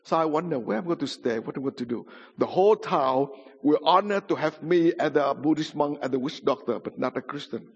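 A man's voice: on the high side, brisk, breathy edge. A man giving a sermon testimony in non-native English, with simple grammar and a dramatic storytelling manner. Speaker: pastor. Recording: muffled sound in a reverberant hall.

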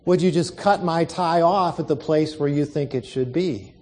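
A man's voice: fairly high pitch, normal speed, a little mellow, close to an everyday voice. A man voicing a polite pastor with a dry wit, in a joke told during a sermon. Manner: polite, dryly witty. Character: calm, dry-witted male pastor.

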